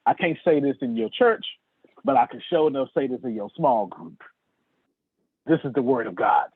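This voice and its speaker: A man's voice: mid-range voice, expressive, normal speed, breathy edge, no echo. A man giving a sales lesson in a fiery, preacher-like style, calling on listeners by name over a video call. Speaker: sales trainer. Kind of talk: sermon-style sales lecture. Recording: tinny dry phone-like line.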